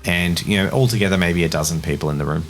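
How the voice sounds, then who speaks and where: Deep-voiced game master. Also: male voice, fast, faint music behind. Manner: relaxed, rambling, with many fillers. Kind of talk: narrating a tabletop game.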